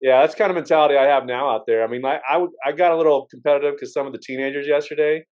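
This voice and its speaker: On his podcast, a man chats casually and tells rambling stories, frequently starting over and cursing now and then. His voice is a little high and rapid-fire, with lo-fi sound.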